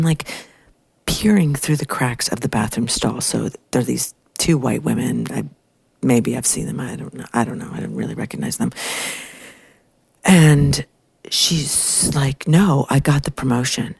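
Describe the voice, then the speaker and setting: A woman's voice: rumbling low, normal speed, vocal fry, darkish tone, breathy edge, dry recording, poor audio. A woman playing a CEO who gossips breathlessly from a bathroom stall, in a whispered role-play recorded on a phone.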